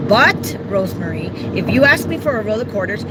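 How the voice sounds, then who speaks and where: A woman's voice: medium pitch, big pitch swings, a little fast, very noisy. A woman chatting casually on a phone livestream, rambling and self-deprecating as she answers viewers.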